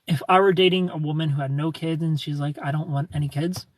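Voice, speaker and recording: A man's voice: on the high side, steady tone, quick pace, no echo. A man hosting a livestream, chatting casually and giving frank relationship advice to viewers by name. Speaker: livestream host answering viewer comments.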